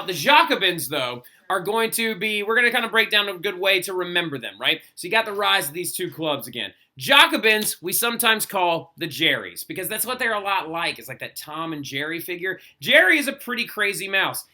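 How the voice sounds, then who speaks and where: A young man with a high, sharp-toned voice teaches a history lesson in a chatty, casual style. He keeps dropping "like" and "right?" into this recorded classroom talk.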